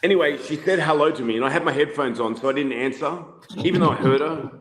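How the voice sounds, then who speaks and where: A man's voice: on the high side, quick pace, fairly bright tone. Australian man, echoey room storytelling. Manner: rambling, heavy on "you know" fillers. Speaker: podcast guest. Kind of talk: casual storytelling. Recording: echoey room with long reverb.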